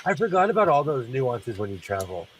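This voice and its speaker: A man's voice: medium pitch, big pitch swings, brisk, fairly bright tone, husky, recorded from a distance, rough recording. Chatty congested man hosting a sewing stream. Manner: rambling, chatty, laughs often. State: congested, sinus trouble. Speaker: host of a sewing livestream. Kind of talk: casual chat while sewing.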